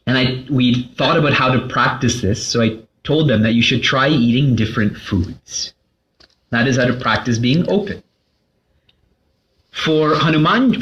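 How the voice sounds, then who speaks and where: A man's voice: mid-range voice, fairly bright tone. A man gives a spiritual talk in an engaging, conversational way. He poses questions and answers them himself, with a playful touch. The recording sounds a little dull and lo-fi. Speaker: spiritual teacher.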